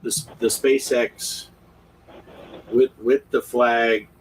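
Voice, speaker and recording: A man's voice: mid-range voice, little pitch movement, takes it slowly, a little hiss or hum, poor audio. A man hosting a casual livestream chat, telling rambling stories. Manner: chatty, rambling storyteller. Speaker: livestream host.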